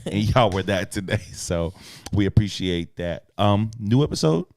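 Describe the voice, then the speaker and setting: A man's voice: lowish voice, lively intonation, normal speed, creaky, darkish tone, slight background noise. A man co-hosting a podcast live, chatting casually and playfully with viewers. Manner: playful, laughs often, addresses viewers as y'all. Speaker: podcast co-host. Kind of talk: casual live-stream chat.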